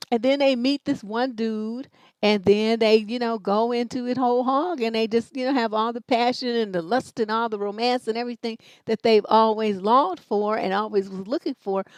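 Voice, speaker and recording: A brash, foul-mouthed woman in middle age gives relationship advice on a live stream. Her voice sits a bit high, and the sound is close and dry with no room echo. She tells stories in a blunt, no-nonsense way. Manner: blunt, profane, brash storytelling. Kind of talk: livestream advice chat.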